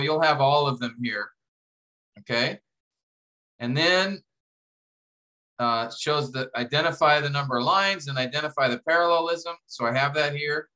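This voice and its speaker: A man lecturing to a class, walking students through an assignment step by step, restarting phrases and slowing down to read verses aloud. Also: mid-range voice, sharp tone, rough recording. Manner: explanatory, repeats and restarts phrases, reads verses slowly. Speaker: instructor.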